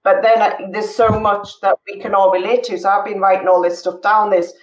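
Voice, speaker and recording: Woman co-host, mid pitch, earnest and halting, distant echoey mic. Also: little pitch movement. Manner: earnest, halting, searching for words. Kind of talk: casual chat.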